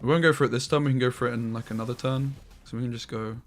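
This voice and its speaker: A man giving casual gameplay commentary on a stream, swearing freely and quick to get frustrated. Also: medium pitch, steady tone, faint music behind.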